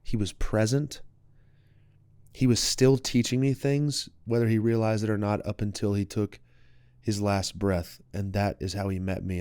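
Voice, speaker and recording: A man's voice: fairly low pitch, creaky, darkish tone, clean tone, dry recording. A man in his twenties, a podcast guest, telling a personal story in an open, heartfelt and reflective way. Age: 20s.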